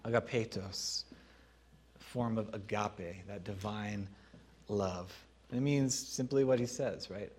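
A man preaching a sermon as pastor, teaching in a conversational way with pauses. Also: fairly low pitch, darkish tone, a little hiss or hum.

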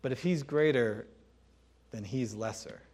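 A man preaching a sermon in a conversational, emphatic way, repeating key phrases and pausing to clear his throat. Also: mid-range voice, darkish tone. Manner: laughs and clears throat between points.

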